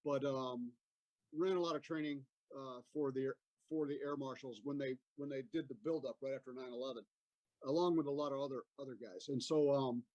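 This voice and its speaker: A man's voice: mid-range voice, steady tone, brisk, darkish tone, dry recording, highs cut off. A man in his fifties, an army veteran guest, telling a war story in a rambling way with many fillers. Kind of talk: casual storytelling on a podcast.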